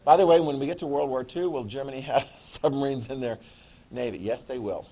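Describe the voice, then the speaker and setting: A middle-aged man giving a classroom history lecture in a jokey, animated way, acting out quick voices. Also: mid-range voice. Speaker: history teacher.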